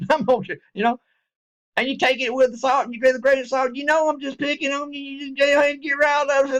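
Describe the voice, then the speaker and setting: A middle-aged man with a drawl and a fairly high voice. He talks in a folksy, rambling, joking way, addressing his viewers directly in casual chat. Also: little pitch movement, fast talker, fairly bright tone. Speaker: vlogger. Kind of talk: casual direct-to-camera talk.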